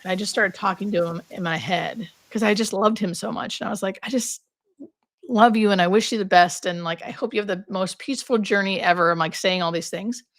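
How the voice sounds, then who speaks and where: A woman's voice: medium pitch, fairly quick, no echo, low-quality recording. Heartfelt woman telling a personal story. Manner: heartfelt, many "like" fillers, drops to a whisper when quoting. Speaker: guest, hospice nurse. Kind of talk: emotional storytelling.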